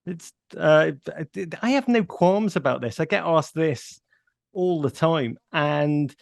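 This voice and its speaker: A man's voice: a little high, expressive, slow, creaky, no echo, studio quality. A middle-aged man with a Northern English accent, chatting as a radio guest and telling stories with playful self-mockery. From north of England. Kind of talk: casual radio chat.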